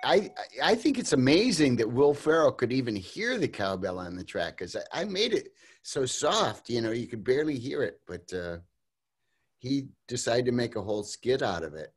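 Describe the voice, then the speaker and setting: A man's voice: medium pitch, very animated, normal speed, husky. An older man as an interview guest, talking casually over a video call, rambling with lots of fillers and restarts and laughing often.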